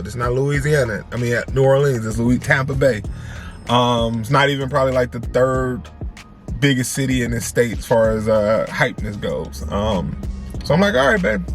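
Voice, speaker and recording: Male vlogger, mid-pitched, animated slangy storyteller, faint music underneath. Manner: animated, repeats phrases for emphasis; slangy, conversational. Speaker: family vlogger. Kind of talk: casual storytime to camera.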